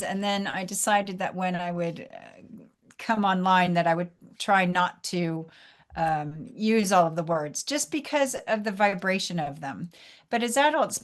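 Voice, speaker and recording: A woman hosting a conversational podcast, with a middle-pitched voice. She tells stories in an animated way and laughs often, keeping the tone casual. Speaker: podcast host.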